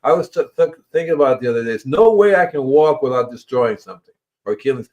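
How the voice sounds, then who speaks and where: A man hosts a gardening livestream with an animated, quick delivery and a slightly mellow tone. He chats casually and rambles, repeating his words and putting on squeaky voices to act out animals.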